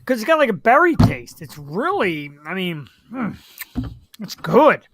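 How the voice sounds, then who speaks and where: A woman's voice: mid-range voice, sing-song, unhurried, slight background noise. A woman hosting a live web show, chatting casually and rambling with easy laughs. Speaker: show host.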